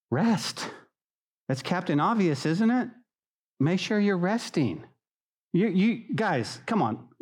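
A man preaching a sermon in church, animated and conversational, acting out what his listeners might say. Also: medium pitch. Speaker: pastor.

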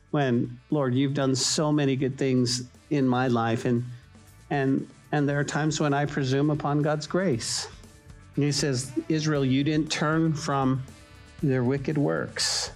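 A man preaching to his congregation in a mid-pitched voice. He speaks with fervent conviction and stumbles over repeated words as he builds up. His scripture reading and short acted-out prayers are woven into the sermon. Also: flat delivery, moderate pace, faint music behind. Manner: impassioned, repetitive restarts, acts out little quoted prayers. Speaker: pastor.

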